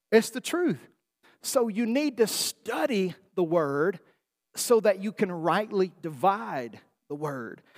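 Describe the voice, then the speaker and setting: Man preaching a sermon, high voice, folksy and emphatic, long hall echo. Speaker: pastor.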